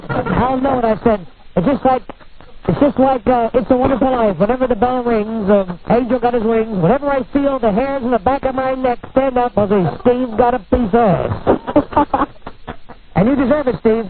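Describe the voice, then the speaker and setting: A male talk radio host in his studio, brash and teasing as he rambles on. His voice sits high. The sound is thin and narrow, like a broadcast heard over a phone line. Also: fairly quick, noisy background. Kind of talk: irreverent radio banter.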